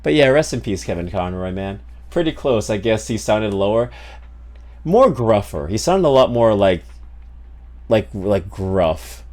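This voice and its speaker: A man's voice: lowish voice, big pitch swings, a little slow, darkish tone. A man streaming a game, chatting casually and joking, rambling with many fillers. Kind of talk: casual live-stream chat.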